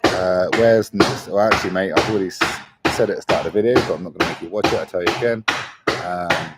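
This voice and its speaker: A man's voice: low voice, quick pace, heavy background noise. A man in his forties, a travel vlogger chatting casually on a livestream, rambling and calling his viewers mate. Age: 40s. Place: traveling in Argentina.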